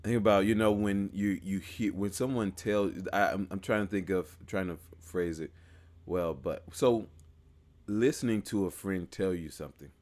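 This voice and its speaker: A man's voice: sits low, normal speed, darkish tone. A man talking casually about faith, hesitant and searching for his words with frequent restarts.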